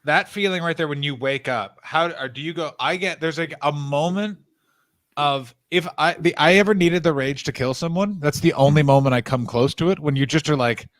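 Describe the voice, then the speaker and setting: Teasing, ranting man with a higher voice. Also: a bit bright, dry recording, clean studio sound. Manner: ranting, teasing, quick jokes. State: tired. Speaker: podcast co-host. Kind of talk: casual stream chat.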